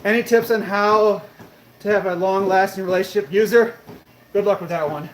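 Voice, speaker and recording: A fitness streamer with a high voice chats casually on a live stream, answering viewers' questions at a moderate pace in a steady tone. He's laid-back, curses freely, and calls people bro and brother. The room is echoey with faint background noise.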